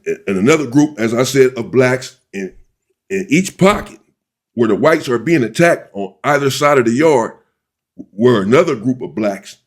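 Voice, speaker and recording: A man telling, in first person, a story of a riot he took part in while in prison; he talks deliberately and often restates his points. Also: mid-range voice. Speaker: former inmate recounting a prison riot.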